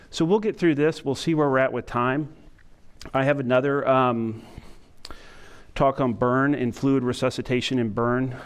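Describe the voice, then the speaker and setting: A middle-aged man giving a training lecture to emergency medical staff, talking in a self-described monotone and pausing often with fillers. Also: medium pitch, clean tone. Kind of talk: conference lecture to EMS staff. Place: lecture room with an audience.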